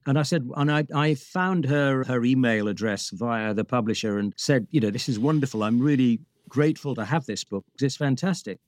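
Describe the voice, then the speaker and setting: A middle-aged man from northeast England with a light northern English accent, telling stories as an actor guest in a lively, self-deprecating way with many restarts. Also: mid-range voice, normal speed, few pauses, dry recording. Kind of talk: casual anecdotal chat.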